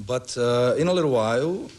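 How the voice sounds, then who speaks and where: A Brazilian-born man telling comic stories as a guest on a television talk show, breaking into squeaky voices for his characters. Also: expressive, normal speed, darkish tone. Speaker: guest entertainer.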